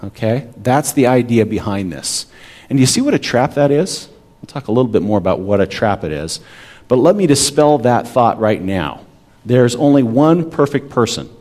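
A man's voice: medium pitch, sing-song, moderate pace, darkish tone. A man in his forties, a pastor, preaching a sermon in a conversational way and often checking in with the congregation.

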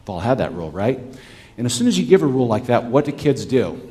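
A man's voice: mid-range voice, big pitch swings, fast, mellow. A man giving a sermon as a pastor, talking conversationally with the congregation and asking rhetorical questions. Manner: talks back with listeners.

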